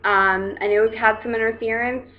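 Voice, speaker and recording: A woman's voice: fairly high pitch, steady tone, brisk, a little hiss or hum. Frank woman hosting a lo-fi video call. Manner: frank, rambling, talks straight to viewers. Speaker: host. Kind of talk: casual live video chat.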